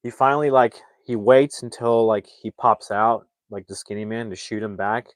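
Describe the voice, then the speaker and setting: A man reviewing a movie, retelling the plot in a loose, rambling way. His voice is fairly low, and he leans on filler words as he goes. The recording is close and dry. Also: fairly even intonation, moderate pace, no room sound. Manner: rambling, heavy use of "like" fillers. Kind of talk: casual plot recap.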